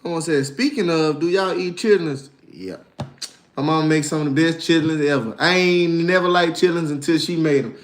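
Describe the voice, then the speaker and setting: High-voiced man telling animated stories. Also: normal speed, roomy sound. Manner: animated storytelling, acts out voices, laughs often. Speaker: livestream host reading chat. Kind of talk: casual livestream chat.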